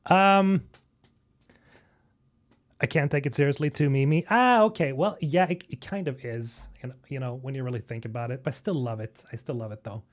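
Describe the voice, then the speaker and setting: A young man from Sweden reacting to game trailers on a live stream, excitable and swearing, talking to chat. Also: on the high side, a little slow, pauses often. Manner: excitable, swearing, chatting with viewers. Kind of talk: casual live-stream commentary.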